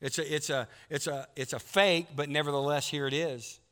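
Folksy pastor, fairly high voice, preaching in a big echoing sanctuary. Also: male voice, steady tone, moderate pace, fairly bright tone. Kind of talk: sermon. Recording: long hall reverb.

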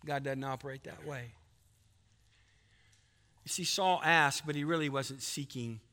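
Preacher in a reverberant hall. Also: male voice, medium pitch, a little slow, sharp tone. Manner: folksy, storytelling preacher. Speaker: pastor. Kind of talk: sermon.

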